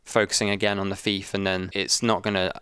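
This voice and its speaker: Low, flat-voiced man explaining edits. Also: brisk, clear, resonant tone, no echo. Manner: relaxed, explanatory, dry humour. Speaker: video editor. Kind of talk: casual breakdown chat.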